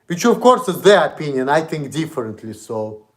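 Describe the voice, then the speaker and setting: A man's voice: a little high, very animated, moderate pace. A man with a Russian accent, streaming an indignant, profane, repetitive rant. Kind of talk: ranting monologue.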